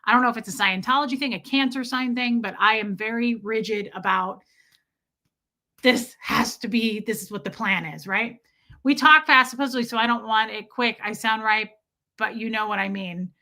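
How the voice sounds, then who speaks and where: Woman, livestream host, casual rant, chatty and fast, bright tense voice. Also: on the high side. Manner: fast, chatty, full of restarts and "like". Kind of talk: casual ranting storytelling.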